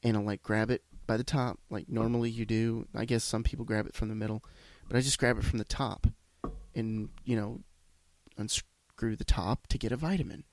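A man with a lowish voice talks at a normal speed in a steady tone. Congested from a sinus issue, he hosts a solo podcast, rambling casually in a profane, self-deprecating monologue recorded on a podcast microphone.

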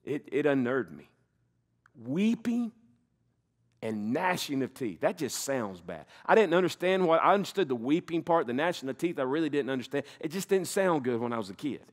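A middle-aged man preaching a sermon, slowing down to stress key points and now and then laughing. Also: a little high. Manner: animated preaching, slows for emphasis, occasional laughs. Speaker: pastor.

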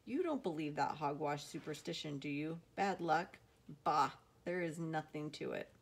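A woman voicing a gruff, teasing old grandfather in an audiobook reading. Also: low voice, moderate pace. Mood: scoffing.

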